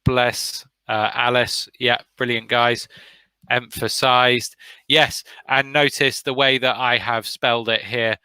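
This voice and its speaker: British male teacher, slow and encouraging, bright voice, dry sound. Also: medium pitch, little pitch movement, clear, resonant tone, no echo, rough recording. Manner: encouraging, praises students by name. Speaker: English teacher. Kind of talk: online vocabulary lesson.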